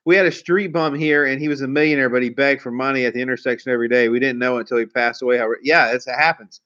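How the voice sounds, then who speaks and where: A man spins car lot stories in a loose, animated, slangy style. His pitch sits in an ordinary middle range. The recording is a little dull and lo-fi. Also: quick pace. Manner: animated, slangy, acts out quoted voices. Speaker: car sales trainer. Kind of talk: casual storytelling. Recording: slightly dull lo-fi audio.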